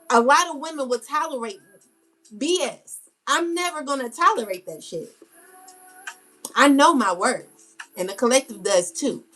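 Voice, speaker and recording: A woman with a high, fairly bright voice rants to camera about spiritual matters as a tarot reader. Her unscripted, slangy speech is full of fillers, and she scolds bluntly, repeating herself for emphasis.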